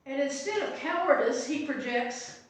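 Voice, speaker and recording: A middle-aged pastor whose voice sits high speaks at a moderate pace while leading a relaxed Bible study, chatting with asides and frequent restarts. She was recorded from afar in a church meeting room that echoes.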